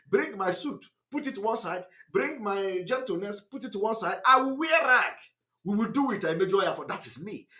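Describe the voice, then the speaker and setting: A man with a Nigerian accent speaks in a high, pushed, bright voice. He's an activist broadcaster delivering an impassioned live online broadcast, emphatic and defiant, and he keeps repeating his points.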